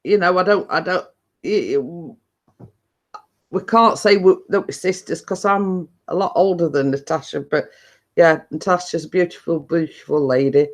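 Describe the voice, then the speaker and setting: Her pitch fairly low and her pace moderate, a middle-aged woman hosting a live stream reads out names from the chat. She talks casually, laughs often, and restarts her sentences after tripping over words.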